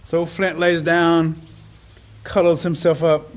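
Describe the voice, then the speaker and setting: Male storyteller, high voice, animated oral telling of a folk tale. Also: takes it slowly, a little hiss or hum. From Cherokee Nation. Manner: animated, expressive.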